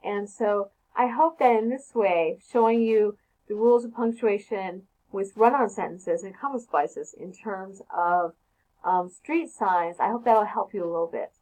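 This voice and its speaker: A woman's voice: mid-range voice, a little slow, a little mellow, poor audio. Chatty woman teaching grammar. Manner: conversational, frequently checks in with "okay?". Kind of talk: informal grammar lesson.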